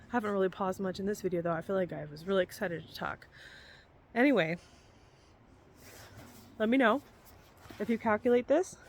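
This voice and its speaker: A woman vlogger chatting casually and unscripted to camera outdoors in a forest, rambling and correcting herself as she goes. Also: medium pitch.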